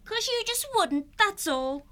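A woman's voice: extremely high pitch, expressive, slow pace, bright, forceful tone, exaggerated voice. A woman voicing a petulant, childish little girl maid. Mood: sulky.

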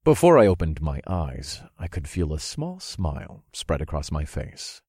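A man narrating an audiobook in the first person, telling the story in a relaxed, smooth way. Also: a bass voice, a little slow, dry recording, clean studio sound.

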